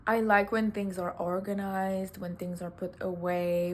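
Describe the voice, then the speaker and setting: A woman's voice: mid-range voice, takes it slowly, hardly any pauses, over music. A young woman booktuber chatting casually, rambling and gushing emotionally about books and a film. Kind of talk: casual chat. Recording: faint background noise.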